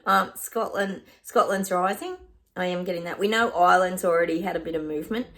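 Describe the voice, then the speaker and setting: A woman with an Australian accent, talking casually to camera as a psychic. Her voice sits a little low, and she rambles along, restarting sentences and often breaking off with a laugh. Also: fast talker, a bit bright.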